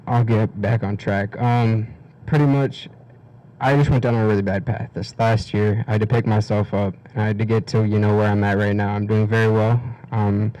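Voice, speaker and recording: Emotional teenage young man, low voice. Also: flat delivery, dark tone, no echo, muffled recording. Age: teens. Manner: halting, many fillers and restarts. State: emotional, on the verge of tears. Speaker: guest speaker. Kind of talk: personal testimony at a community event.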